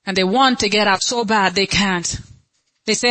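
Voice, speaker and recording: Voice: mid-range voice, normal speed, sharp tone, dry recording, rough recording. A pastor preaching a sermon with impassioned, repeated rhetorical questions.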